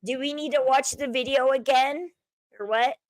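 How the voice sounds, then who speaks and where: A woman hosting her own commentary channel, talking in a high, chatty voice. She speculates freely and slips into a hushed murmur to quote others. The sound is dry and close. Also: steady tone, normal speed, dry recording, rough recording. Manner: chatty, speculative, drops to a low murmur when quoting others. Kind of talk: casual commentary over a video clip.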